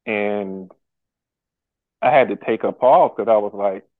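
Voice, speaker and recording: A man speaking as a podcast guest in a candid personal conversation, halting and earnest, with many pauses and restarts. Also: fairly low pitch, dry recording. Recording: tinny phone-like line, dry.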